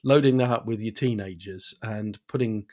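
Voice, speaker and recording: A man co-hosting a podcast in casual chat, wry and hesitant, pausing often. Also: on the low side, a little mellow. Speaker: podcast co-host.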